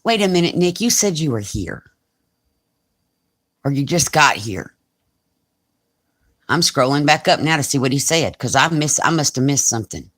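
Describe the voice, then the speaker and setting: A woman's voice: deep voice, lively intonation, fairly quick, hardly any pauses. A woman in her forties with a Southern US accent, chatting casually on a crafting live stream and reading comments aloud. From Alabama, US. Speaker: crafting channel host.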